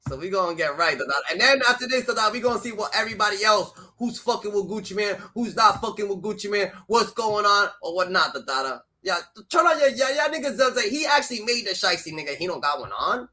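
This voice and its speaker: Brief: male streamer, high bright voice, swings wildly, cursing rants on a live reaction stream. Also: animated, fast talker, hardly any pauses. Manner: loud, heated, swears constantly, jumps between shouting and muttering.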